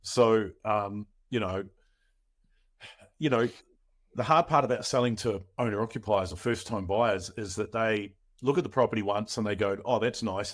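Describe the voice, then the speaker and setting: A chatty man hosts a property webinar over a video call. His voice sits on the lower side, and his pitch is upbeat and salesy, full of "um" and "you know." He talks casually rather than reading a script. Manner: chatty and promotional, with filler words. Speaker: property coach hosting a webinar.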